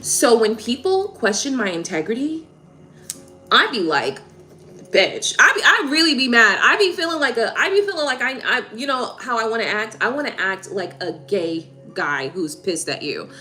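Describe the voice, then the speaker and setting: A woman's voice: fairly high pitch, big pitch swings, moderate pace, sharp tone, soft background music. A woman hosting a live tarot stream, venting heatedly in casual talk, swearing and repeating herself.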